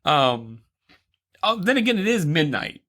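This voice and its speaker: A man's voice: on the high side, big pitch swings, a little slow, fairly bright tone. A man co-hosting a podcast, casually recapping a horror movie's plot with laughs and asides. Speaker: podcast co-host.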